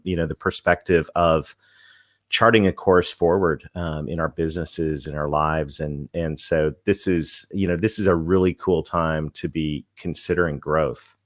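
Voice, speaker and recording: A man's voice: sits low, no room sound, studio quality. A man from Canada with a mixed Canadian and Southern accent, answering interview questions in an upbeat, earnest way. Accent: mixed Canadian and American Southern. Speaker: guest author.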